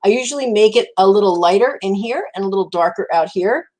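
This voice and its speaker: A woman with a New Jersey accent walks viewers through a makeup routine live, chatty and encouraging. Her pitch sits in the middle of the usual range, and she leans on repetition to drive her tips home. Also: animated, fast, a little mellow, low-quality recording. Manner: chatty and encouraging, repeats words for emphasis. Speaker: makeup demonstrator.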